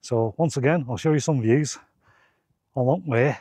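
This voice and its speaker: A breathless man talks casually to his camera on a windy moorland hilltop. His voice sits at an ordinary middle pitch and sounds close and dry, with an easygoing, chuckling manner. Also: moderate pace, dark tone, no room sound. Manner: chatty and easygoing, chuckles between remarks. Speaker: wild camping vlogger. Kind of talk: casual talk to camera while hiking.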